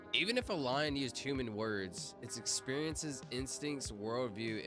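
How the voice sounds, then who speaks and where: A man streaming live, chatting casually with his viewers and spelling out letters as he plays a word game. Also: mid-range voice. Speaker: livestreamer. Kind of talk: casual livestream chat. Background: music playing.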